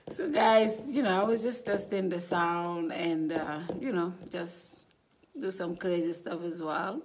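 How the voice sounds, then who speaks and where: Woman hosting a live stream: loose, chatty, quick to laugh, greets viewers by name. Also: on the low side, steady tone, slight background noise. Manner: chatty, laughing, reads out viewer names, switches between languages. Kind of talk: casual live stream chat. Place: indoor studio.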